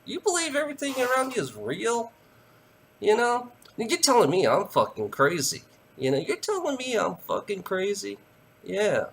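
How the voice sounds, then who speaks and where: A man's voice: sits high, huge pitch swings, moderate pace, gravelly, a bit bright, slight background noise. A man delivering a heated, profane ranting monologue to camera, repeating himself and tagging lines with "you know".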